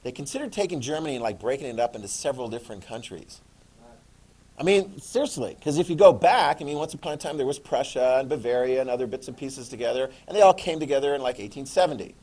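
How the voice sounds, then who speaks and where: A middle-aged man giving a classroom history lecture in a jokey, animated way, acting out quick voices. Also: on the high side, husky. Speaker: history teacher.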